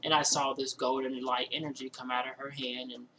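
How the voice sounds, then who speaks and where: A man with a bright, forward voice at a middle pitch tells a casual personal story indoors at home. He rambles, acts out what he and others said, and fills gaps with "you know" and "like". A faint hiss sits under the recording. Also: a little fast, low-quality recording. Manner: rambling, animated retelling with many fillers and quoted asides. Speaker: vlogger telling a personal story.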